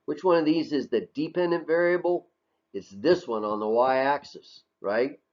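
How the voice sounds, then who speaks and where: A man's voice: on the high side, animated, moderate pace, a little mellow. A male teacher giving a recorded lecture over slides, talking in a conversational way, asking questions and answering them himself, often tagging "right?". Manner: conversational, asks and answers his own questions, frequent "right?". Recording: dull lo-fi audio.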